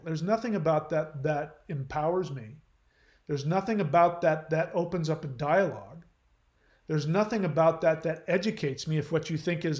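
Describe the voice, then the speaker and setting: A man's voice: on the high side, normal speed, darkish tone, reverberant. A man hosting his channel, reading viewer comments aloud and answering them in a blunt, lecturing way.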